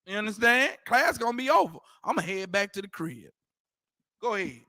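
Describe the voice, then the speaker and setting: A man's voice: high voice, very animated, moderate pace, sharp tone, dry recording, studio quality. A man teaching a scripture class in an emphatic, repetitive way, using street slang and firing rhetorical questions. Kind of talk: preaching scripture commentary.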